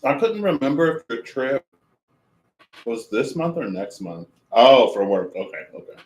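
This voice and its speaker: A man's voice: mid-range voice, big pitch swings, a little slow, darkish tone, roomy sound, rough recording. A man streaming casually at home, rambling and amused with himself while he cooks and eats. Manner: rambling, self-amused, talks with mouth full. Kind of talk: casual livestream chat while cooking and eating.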